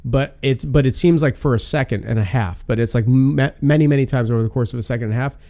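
Man, casual storyteller, rambling, animated, warm mellow voice. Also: mid-range voice, fast talker. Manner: rambling, animated retelling with filler words.

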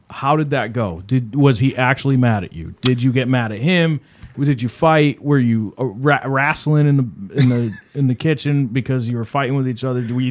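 A man's voice: mid-range voice, darkish tone. A man hosting a casual chat, teasing a couple and swearing a lot. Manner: teasing, profane, quick banter. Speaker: podcast host.

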